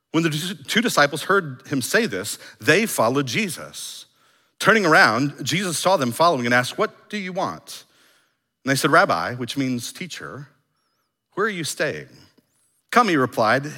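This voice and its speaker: A male pastor preaching a sermon, animated, acting out the lines he quotes. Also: medium pitch, big-room sound.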